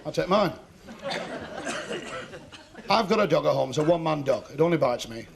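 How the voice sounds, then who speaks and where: A man doing stand-up comedy, firing off quick one-liners with mock-innocent asides, on an old television recording. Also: on the high side, lively intonation, gravelly, a loud crowd.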